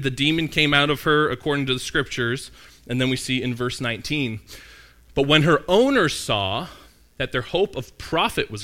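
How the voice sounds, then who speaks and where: Bright-voiced male pastor preaching. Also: mid-range voice. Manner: animated, acts out quoted voices. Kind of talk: sermon.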